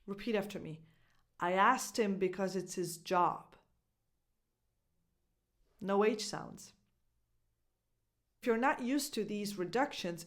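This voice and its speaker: A woman, a native Italian speaker, teaching English pronunciation and carefully demonstrating phrases for listeners to repeat. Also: medium pitch. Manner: clear, deliberate demonstrations with repeat-after-me drills. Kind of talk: pronunciation lesson.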